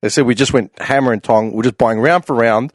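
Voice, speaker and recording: A young Australian man spins a rowdy travel story in an easygoing chat, laughing as he goes and jumping up loud for the lines he quotes. The recording is dry and close, with no room around his voice. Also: mid-range voice, a little fast, no echo. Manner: animated, acts out quoted voices loudly, laughs often. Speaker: podcast panelist.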